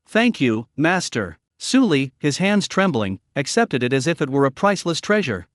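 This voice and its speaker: Male narrator for a story recap, animated and a bit high, dry voice-over. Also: normal speed, no room sound.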